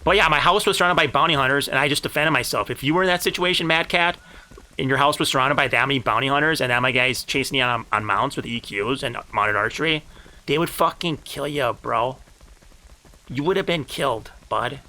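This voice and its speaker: Grandiose, bright-voiced male game streamer. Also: medium pitch, brisk. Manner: grandiose storytelling, turning heated and profane. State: high. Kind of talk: live game stream commentary.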